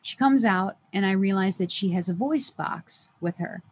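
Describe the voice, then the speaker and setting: A woman with a medium-pitched, slightly rough voice speaks at a moderate pace as a podcast guest. She earnestly tells an emotional personal story, retelling it with energy and acting out the quoted dialogue.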